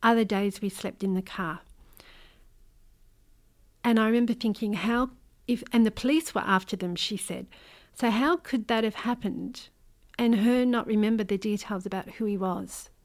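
A middle-aged Australian woman, an author, telling a painful personal story in an interview, earnest and hesitant, with frequent pauses and restarts. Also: a little high. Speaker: interview guest, memoir author.

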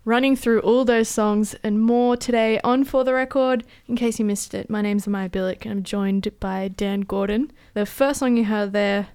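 A woman, presenting a music show on radio with fast, enthusiastic talk. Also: mid-range voice, a little mellow, no echo.

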